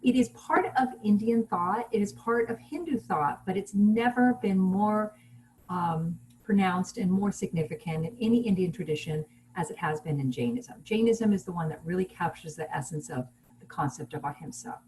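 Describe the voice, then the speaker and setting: A woman giving a relaxed online lecture over a video call, explaining things plainly with fillers and restarts. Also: medium pitch, moderate pace, a little hiss or hum, poor audio. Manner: casual teaching with fillers and restarts.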